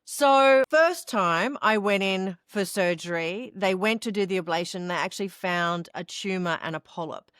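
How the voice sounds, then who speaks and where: A middle-aged Australian woman talks through a personal story in a podcast interview, frank and expressive, slipping into the voices of others she quotes. Her voice sits at an ordinary pitch for a woman. The sound is dry and close, with no room echo. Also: normal speed, few pauses, clean tone. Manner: expressive, acts out quoted voices, laughs while telling. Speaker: interview guest.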